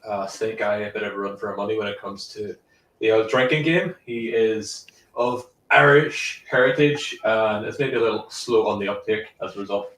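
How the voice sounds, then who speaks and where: A man's voice: medium pitch, a bit bright. Jokey male player, roomy distant sound with faint noise. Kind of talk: casual table chat.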